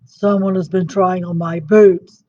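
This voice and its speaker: A woman voicing a big father bear who roars and booms in a gruff voice. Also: little pitch movement, measured pace, mellow, slight background noise, natural voice. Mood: booming. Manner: booming, roaring. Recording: dull lo-fi sound.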